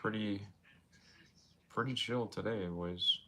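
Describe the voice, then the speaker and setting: A man's voice: on the low side, takes it slowly, a bit bright, a little hiss or hum. A young man streaming from his room at home, rambling casually and talking to his chat in a laid-back way. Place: home room with game shelves.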